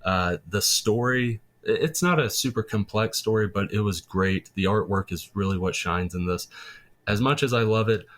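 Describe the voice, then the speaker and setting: A man's voice: lowish voice, moderate pace, a bit bright. A man talking as a podcast guest in casual, enthusiastic chat, rambling a little with restarts.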